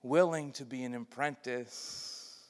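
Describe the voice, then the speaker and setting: A man preaching a sermon, moving between loud, lively passages and hushed, quiet ones, and acting out the voices he quotes. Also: mid-range voice, slow pace. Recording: long hall reverb.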